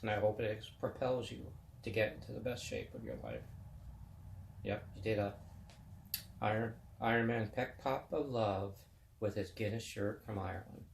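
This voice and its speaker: A man's voice: fairly low pitch, animated, normal speed, gravelly, roomy sound, slight background noise. A man in his fifties hosting a web chat show, talking about sports in a rambling, folksy, casual way. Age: 50s.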